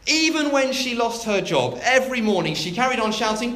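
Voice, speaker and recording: A minister delivering a sermon in a lively, dramatic style, pitched fairly high with wide swoops. The church room echoes around him. A faint hiss and clicks sit underneath. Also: male voice. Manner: expressive, dramatic delivery with big pauses.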